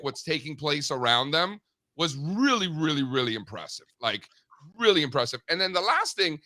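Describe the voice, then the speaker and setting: A happily married man telling animated stories in casual slang as a regular on a studio talk show. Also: a little high, dry recording. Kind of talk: casual chat.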